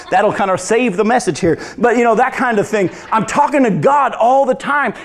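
A male pastor preaching a sermon in a conversational way, asking the congregation questions and swinging between emphatic lines and hushed ones. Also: sits high. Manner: addresses congregation directly, asks questions.

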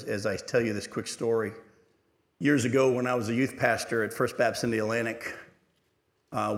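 A middle-aged man preaches in a church sanctuary with a midrange voice. He tells his story earnestly and leans hard into his points. A long reverb from the hall follows every phrase. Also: medium pitch. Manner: storytelling, earnest, building to emphatic exhortation. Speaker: pastor. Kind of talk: sermon.

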